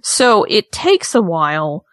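A woman in casual chat, telling a story in an animated way and acting out what people said. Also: fairly low pitch, slow pace, dry recording, studio quality. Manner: animated storytelling with acted-out quotes. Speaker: podcast co-host recapping a reality show.

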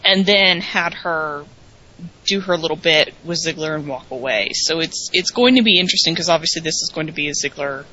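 A woman's voice: deep voice, brisk, sharp tone, dull audio. A woman co-hosting a casual wrestling recap podcast, chatty and thinking aloud with restarts. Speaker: co-host.

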